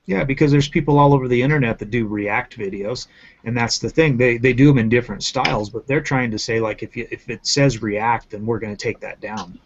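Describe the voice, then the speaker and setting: A channel host, a man with a medium-pitched voice, rants briskly in casual commentary. He swears a lot and repeats himself for emphasis, sounding profane and emphatic, on muffled lo-fi audio.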